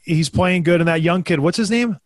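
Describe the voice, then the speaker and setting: A man's voice: high-pitched, a little fast, no echo. A man in his thirties, a former hockey player co-hosting a talk show, telling stories casually and acting out quotes in a raised voice. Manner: animated, acts out quotes in a raised voice. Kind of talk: casual storytelling chat.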